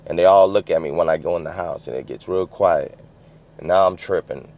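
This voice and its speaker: Speaking a little fast in a low, gravelly voice, this West Coast man spins a story full of streetwise slang and free swearing, dropping "you know what I'm saying" again and again. The audio is dull and lo-fi.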